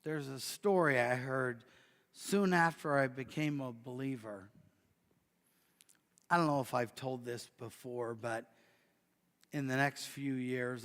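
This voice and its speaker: A man preaching and telling a story, swinging from loud bursts to near whispers. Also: medium pitch. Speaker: pastor. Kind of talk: sermon storytelling. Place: church sanctuary. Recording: long church hall reverb.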